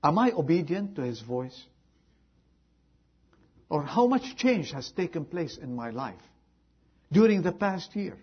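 A man's voice: high voice, breathy edge, lo-fi sound. A man preaching a sermon, earnestly repeating rhetorical questions to his congregation, in slightly non-native phrasing. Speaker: pastor.

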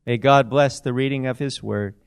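A man reading a Bible passage aloud in church in a measured, formal way. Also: mid-range voice, steady tone, vocal fry, smooth, dry recording, clean studio sound. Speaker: scripture reader. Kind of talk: scripture reading.

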